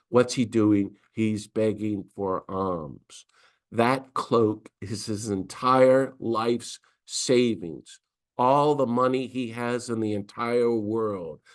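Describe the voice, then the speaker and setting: Animated man teaching a scripture class. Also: lowish voice. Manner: animated, acts out quoted voices. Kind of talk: lecture on scripture.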